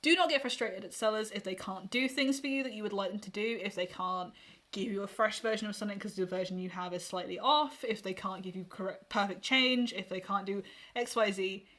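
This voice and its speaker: A woman's voice: mid-range voice, fairly quick, a bit bright. A woman co-hosting a podcast in casual chat, frank and advice-giving, laughing often. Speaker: podcast co-host.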